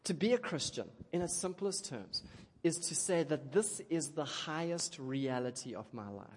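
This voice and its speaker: A man delivers a sermon in a relaxed, animated manner, often checking in with the listeners. His voice is high for a man. A long reverb from a large hall hangs on every phrase. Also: moderate pace, slight background noise. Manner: animated, chatty, keeps asking "okay?". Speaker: preacher.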